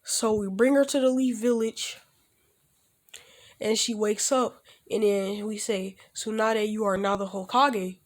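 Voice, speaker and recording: A man's voice: high-pitched, steady tone, unhurried. Rambling young man spinning a fan story. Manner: rambling, with frequent restarts and fillers like "basically" and "like"; acts out the characters' lines in a loose, offhand way. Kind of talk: casual fan-fiction storytelling.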